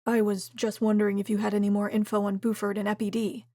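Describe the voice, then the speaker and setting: A woman's voice: mid-range voice, completely flat delivery, fast talker, mellow, no echo, studio quality, natural voice. A woman voicing a self-assured male billionaire in his thirties, breezy and cocky.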